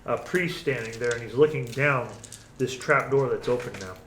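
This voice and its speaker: A man's voice: mid-range voice, normal speed, a bit bright, a little hiss or hum. Man, game master, tabletop game narration, reads scene descriptions, self-correcting.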